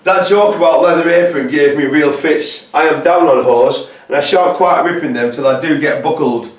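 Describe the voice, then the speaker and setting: A mocking Victorian killer gloats in a put-on Scottish accent, read by a man. The voice sits a little high and sounds roomy, caught by a mic set well back. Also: moderate pace, close to an everyday voice. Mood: taunting. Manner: mocking, taunting. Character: gleeful menacing Victorian male killer writing taunts. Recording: roomy echo from a distant mic.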